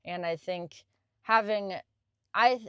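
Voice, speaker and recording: A woman's voice: mid-range voice, takes it slowly, a bit bright, clear, resonant tone, no echo, muffled recording. A woman who works as a caregiver, telling a personal story on a podcast in an emotional way that easily chokes up.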